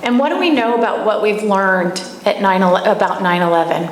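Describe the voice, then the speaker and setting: A woman's voice: mid-range voice, fairly quick. A woman giving a live talk to an audience, telling stories and asking the room pointed questions. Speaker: speaker at a camp gathering. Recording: echoey room with faint background noise.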